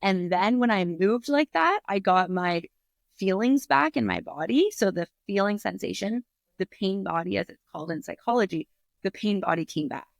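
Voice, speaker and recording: A woman's voice: medium pitch, moderate pace, vocal fry, no echo, studio quality. A woman guest on an interview show telling a personal story candidly, swearing freely and acting out her own reactions. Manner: animated retelling with many fillers. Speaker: podcast guest, author.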